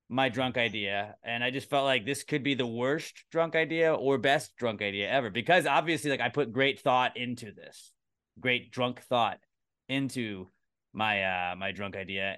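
A man's voice: medium pitch, sharp tone, clean tone, no room sound, clean studio sound. A man hosting a comedy podcast, chatting casually and rambling with lots of filler words. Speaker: podcast host.

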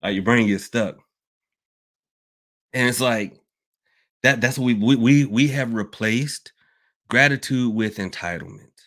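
A man's voice: medium pitch, unhurried, pauses often, a bit bright. A man hosting a casual podcast, rambling, repeating himself and calling his listeners y'all. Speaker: podcast host and hoodoo worker. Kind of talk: casual open-topic podcast talk.

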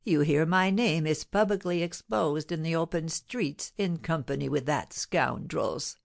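A mournful, timid middle-aged porter, read by a woman, moaning his woes slowly and heavily. His speech drags in low, drawn-out phrases. It comes across as a storybook reading. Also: gravelly. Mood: doleful. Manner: moaning, dolorous.

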